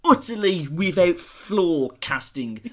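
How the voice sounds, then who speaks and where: A man's voice: high voice, animated, slow pace, a bit bright. A man co-hosting a casual chat, talking with gushing enthusiasm. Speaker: podcast co-host.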